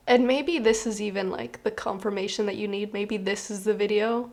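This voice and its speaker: A woman's voice: mid-range voice, steady tone, normal speed, gravelly, hardly any pauses, a little mellow. A woman reading tarot cards to camera in a casual, earnest, rambling way, with many "like" fillers. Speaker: tarot reader.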